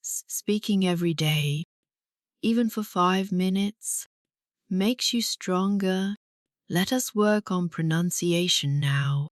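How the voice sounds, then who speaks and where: A woman teaches an English speaking lesson at a very slow, deliberate pace, with a slightly low voice. She sounds encouraging and leaves pauses for repetition, recorded as a close, dry voice-over. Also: dry recording.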